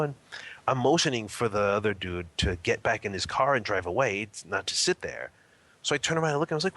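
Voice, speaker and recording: A man telling an anecdote in a casual, animated way, laughing often and acting out what people said. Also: lowish voice, fast talker. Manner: animated, laughing often, acts out quoted lines. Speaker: interview guest. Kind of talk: casual storytelling.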